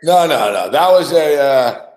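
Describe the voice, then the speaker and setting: A man's voice: on the high side, animated, a little slow, darkish tone. Male radio host, casual and profane, roomy studio sound. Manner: profane, storytelling, laughs often. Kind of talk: casual chat.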